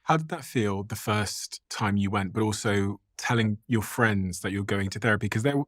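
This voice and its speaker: A man's voice: on the low side, normal speed, fairly bright tone, no echo, clean studio sound. A man hosting a podcast in casual conversation, asking thoughtful questions.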